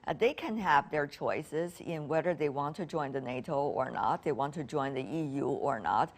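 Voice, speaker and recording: A woman's voice: low-pitched, moderate pace. A woman interviewing a guest, asking long questions carefully, sometimes hesitating.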